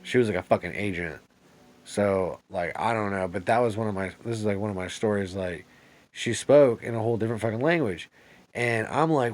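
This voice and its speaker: A man's voice: on the low side, brisk, a little hiss or hum. A man telling a rambling, profane story straight to camera in a vlog, agitated and paranoid, full of "dude" and "like" and restarts.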